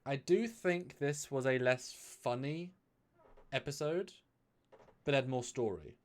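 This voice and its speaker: A man's voice: mid-range voice, takes it slowly. A man co-hosting a live review stream, talking casually with lots of fillers and restarts and now and then asking viewers for donations. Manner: chatty, loose, many fillers and restarts, pleads for donations.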